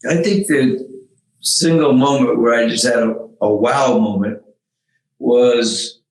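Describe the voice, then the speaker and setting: An older man, a former tech executive, telling lively stories in an interview, laughing at his own anecdotes and acting out the quotes. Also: medium pitch, roomy sound, poor audio.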